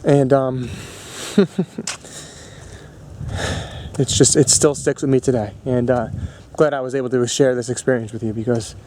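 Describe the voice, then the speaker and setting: A young man vlogging, telling a long personal story in a rambling way, full of fillers and restarts, with bursts of excitement. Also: medium pitch, moderate pace, noisy background. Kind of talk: casual storytelling vlog.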